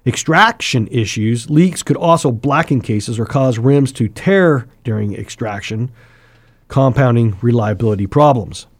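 A man's voice: mid-range voice, unhurried. A man co-hosting a local radio talk show, explaining things in detail from notes with jokey asides. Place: radio studio.

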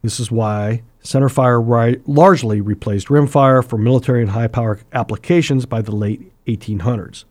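A man's voice: medium pitch, steady tone, normal speed, hardly any pauses, a little mellow. A man co-hosting a local radio talk show, explaining things in detail from notes with jokey asides. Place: radio studio.

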